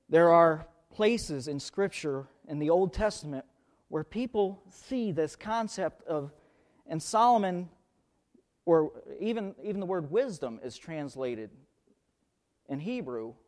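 A man's voice: on the high side, lively intonation, takes it slowly, long pauses, a little mellow. A man preaching a sermon, who leans hard on key words, repeats them, and thinks aloud while hunting for verses.

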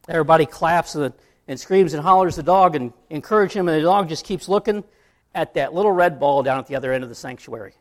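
A man's voice: a little high, fairly quick. A man preaching a sermon, telling an illustration story in a conversational way. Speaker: pastor.

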